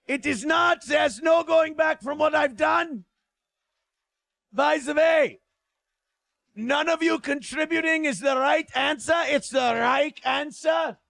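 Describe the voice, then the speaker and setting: A barking mock-German dictator, put on by a man, ranting and pleading in bombastic bursts. The voice sits high and strained, with a gravelly rasp under the shouting. It sounds close and dry, as if no room is around it. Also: slow pace, no echo, exaggerated voice. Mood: mock shame. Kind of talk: comic impression on a livestream.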